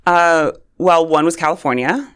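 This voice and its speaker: A woman's voice: low-pitched, moderate pace. A middle-aged woman from New York, a communications coach, chatting as a guest and telling stories animatedly. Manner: animated storyteller, acts out quotes. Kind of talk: casual interview chat.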